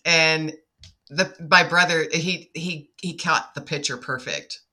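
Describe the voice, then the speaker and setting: A woman guest in a casual podcast conversation, a lively storyteller who acts out the dialogue in what she tells. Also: sits low, slow.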